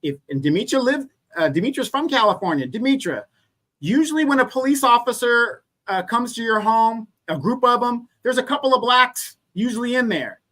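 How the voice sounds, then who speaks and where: A man's voice: very high voice, animated, normal speed, sharp tone. A man hosting a casual live stream, earnestly warning his viewers about local politics.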